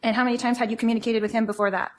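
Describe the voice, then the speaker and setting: A woman with a fairly high voice questions a witness at a quick clip. She is pointed and brisk, pressing each answer with the next question. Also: little pitch movement, slight background noise. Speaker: questioner in court. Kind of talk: courtroom cross-examination.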